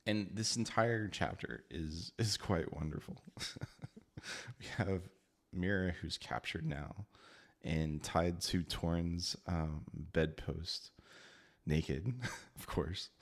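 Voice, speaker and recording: A man casually reviewing a book, chatty and laughing often as he talks. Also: low-pitched.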